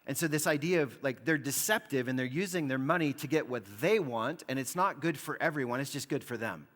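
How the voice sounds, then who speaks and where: Pastor preaching in an echoing hall. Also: male voice, medium pitch, brisk, fairly bright tone. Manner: conversational, explanatory preaching with frequent "like". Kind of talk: sermon. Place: church hall. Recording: long reverb of a church hall.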